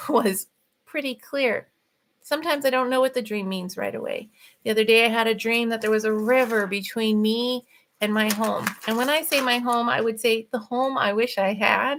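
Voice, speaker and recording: Fast-talking, bright-voiced woman. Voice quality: voice runs high. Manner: fast, animated, laughs often. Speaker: author and podcast host. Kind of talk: casual spiritual talk.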